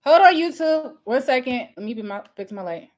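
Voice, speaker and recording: A young woman giving a loud, passionate motivational talk on a live stream, laughing often as she preaches. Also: high-pitched, lively intonation, brisk. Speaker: host of a live coaching stream. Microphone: phone or webcam at home with ring light.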